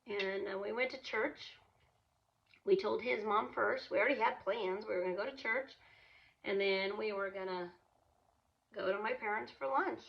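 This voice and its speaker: A woman's voice: mid-range voice, normal speed, gravelly, lo-fi sound. A woman in her thirties casually telling a personal story, chatty, with frequent fillers, restarts and laughs. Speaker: vlogger, single mom.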